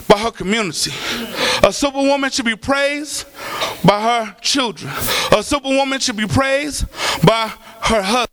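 A middle-aged man, preaching a sermon in a church in an impassioned, sing-song cadence that often rises to shouts. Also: very high voice. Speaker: pastor.

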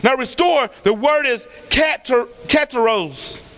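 A male pastor preaching a sermon in a church, fervent and colloquial, swinging between shouted lines and soft asides as he calls out to the congregation. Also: extremely high pitch, animated, takes it slowly.

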